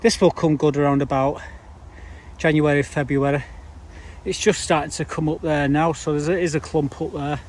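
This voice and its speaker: A man's voice: fairly high pitch, steady tone, moderate pace, darkish tone. A man chatting casually to camera as he works his allotment garden, rambling along with dry, grumbling asides. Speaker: allotment vlogger. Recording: faint background noise outdoors. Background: faint outdoor ambience.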